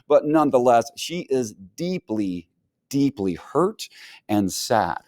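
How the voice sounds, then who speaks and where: A man teaching a casual book review lesson, animated and acting out characters' lines. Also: medium pitch, slow, no echo.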